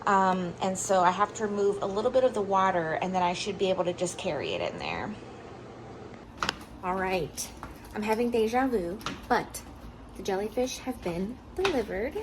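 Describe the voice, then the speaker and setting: Excitable woman vlogging over background noise. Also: mid-range voice, moderate pace. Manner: excitable, chatty, talks to viewers as friends. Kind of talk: casual vlog chat to camera.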